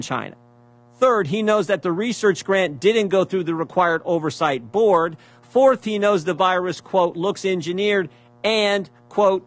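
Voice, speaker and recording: A man's voice: fairly high pitch, fairly bright tone. A man giving a prepared speech at a hearing, reading out emails, repeating phrases for emphasis and asking pointed rhetorical questions. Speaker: speaker presenting evidence at a hearing.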